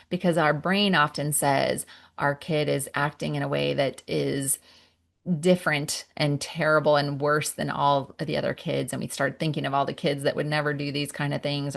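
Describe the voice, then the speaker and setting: A parenting coach and therapist gives a gentle, reflective podcast talk, explaining each step and sighing between thoughts. Her voice is low, with vocal fry.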